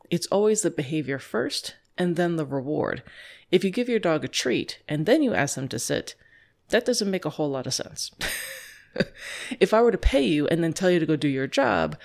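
A woman dog trainer explaining positive reinforcement, chatty and lively, laughing often and acting out little scenes. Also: sits low.

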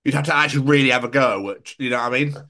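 A man's voice: medium pitch, rapid-fire, bright, forceful tone. A young man from England co-hosting a podcast in casual, sweary, rambling chat, often laughing and slipping into mock voices. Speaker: podcast co-host.

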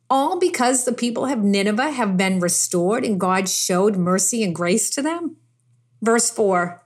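Woman preacher with a slightly high voice, stressing points through repetition, chatty asides between verses. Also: lively intonation, normal speed. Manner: emphatic, repeats phrases for stress; conversational asides mixed with scripture. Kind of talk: sermon.

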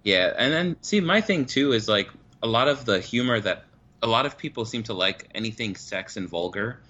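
A man's voice: mid-range voice, normal speed, muffled recording. A man co-hosting a podcast, talking things through casually with plenty of "you know.". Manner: relaxed, explains with examples and "you know". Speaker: podcast co-host. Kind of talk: casual chat.

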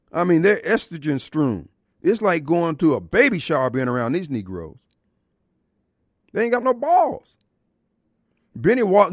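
A man's voice: sits high, no echo, studio quality. A man hosting a talk radio show, delivering a fired-up political monologue and live ad reads. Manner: impassioned, preachy, colloquial, shifts into live ad reads. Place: radio studio. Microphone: studio microphone.

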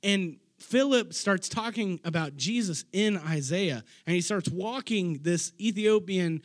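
Enthusiastic, high-voiced casual preacher. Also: male voice, measured pace. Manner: enthusiastic, slangy, with frequent restarts. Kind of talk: casual storytelling sermon.

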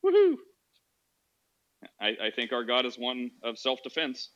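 Chatty male podcast host, bright muffled voice. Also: mid-range voice, fairly quick. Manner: calm, chatty storytelling with many fillers. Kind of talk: casual call-in chat.

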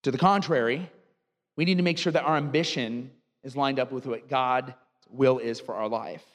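Man preaching, pastor telling animated stories, fairly high voice, long church-hall reverb. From United States. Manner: storytelling, animated, laughs at own anecdotes. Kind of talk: sermon.

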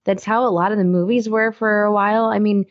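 A woman's voice: mid-range voice, fairly even intonation, fairly quick, no echo, highs cut off. A woman in her thirties, a co-host chatting casually and acting out her own reactions over a video call. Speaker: podcast co-host. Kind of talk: casual chat.

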